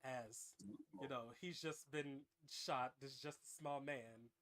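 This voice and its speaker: A man hosting a show, improvising a comic story with dramatic narration and an animated delivery. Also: medium pitch, slow. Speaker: host.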